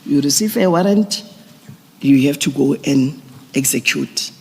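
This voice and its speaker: A man, a police general giving deliberate, procedural testimony at a formal hearing. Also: on the high side, creaky, a little mellow, slightly rough. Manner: deliberate, procedural, restarts phrases. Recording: long reverb of a large hearing room.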